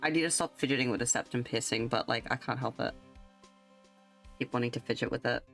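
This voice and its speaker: A woman's voice: rumbling low, quick pace, creaky, a bit bright, faint music behind. Chatty young woman streamer. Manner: chatty, rambling, self-deprecating. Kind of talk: casual livestream chat.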